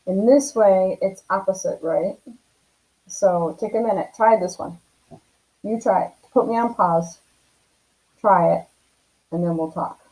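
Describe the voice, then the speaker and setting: A woman's voice: medium pitch, measured pace, pauses often, warm tone, rough recording. A woman teaching a math lesson on video from home, explaining casually and often checking in with "right?".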